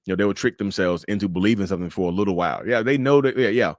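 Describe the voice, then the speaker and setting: A man hosting a casual livestream, animated and joking, often stumbling and restarting as he answers viewers' questions. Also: fairly low pitch, rapid-fire, dry recording, clean studio sound. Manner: addresses viewers as y'all, answers chat questions. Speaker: livestream host.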